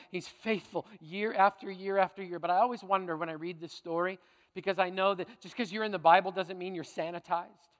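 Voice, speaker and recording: High-voiced man preaching in a reverberant hall. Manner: conversational, frequent tag questions, playful asides. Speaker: pastor. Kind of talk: sermon.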